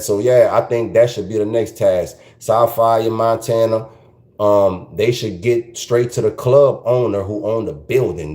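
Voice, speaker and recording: A man's voice: fairly low pitch, mellow, echoey room. Louisiana Creole man, loose podcast rant. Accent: South Louisiana Creole. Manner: loose, rambling, peppered with Creole French phrases. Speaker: podcast host. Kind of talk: casual commentary monologue.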